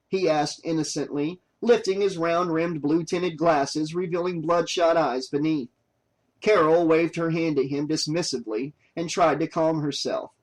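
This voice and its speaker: A man narrating an audiobook in a steady, even reading voice. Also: a little high, normal speed, rough recording. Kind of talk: scripted narration.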